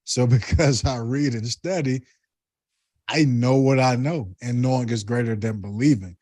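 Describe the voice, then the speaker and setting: A man with a Southern US accent talking in a deliberate, reflective way, with spiritual musings in casual conversation. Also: medium pitch, mellow, no echo.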